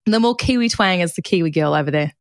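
A young woman, co-hosting a podcast, chatty and quick to laugh. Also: on the low side, expressive, no echo, studio quality. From Australia. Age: young adult. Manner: giggly, reactive. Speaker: podcast co-host. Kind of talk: casual podcast chat.

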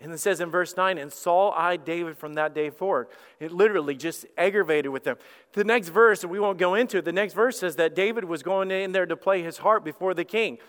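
Speaking quickly in a high voice, a man preaches a sermon as lead pastor while long hall reverb trails his words. His storytelling is lively, and he performs each character.

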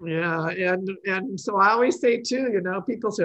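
A woman's voice: medium pitch, moderate pace, fairly bright tone, muffled recording. A woman from Canada hosting a casual faith chat, asking questions and laughing easily. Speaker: podcast host.

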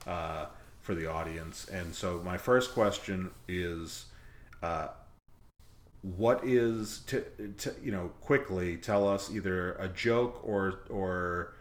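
Low-voiced man hosting a casual podcast. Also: takes it slowly. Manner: rambling, many fillers and restarts. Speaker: podcast host. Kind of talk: casual chat.

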